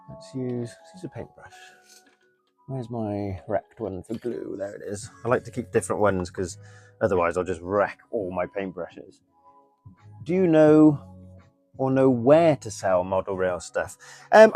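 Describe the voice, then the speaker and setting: A man's voice: medium pitch, a little mellow. A man chatting casually on a live stream while he builds a model, muttering as he works and answering viewers. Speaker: model railway hobbyist streamer.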